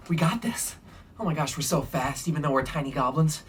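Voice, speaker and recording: A man leads an interactive children's story as a preschool drama teacher, with a slightly breathy voice. He talks in a playful, exclamatory way, gasping and puffing as he acts out the running for his young audience. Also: fairly high pitch, a little fast.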